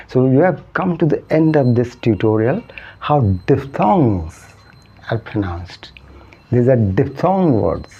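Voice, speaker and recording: A man with an Odia accent gives an English pronunciation lesson at a very slow, careful pace, repeating each sound over and over. His voice is mellow and dark, and the recording sounds a little dull and lo-fi. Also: mid-range voice, sing-song, husky. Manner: repeats each sound several times with drawn-out emphasis.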